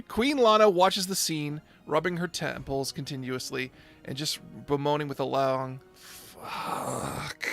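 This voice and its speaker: A man narrating a tabletop game as game master, in a lively storytelling way. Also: on the high side.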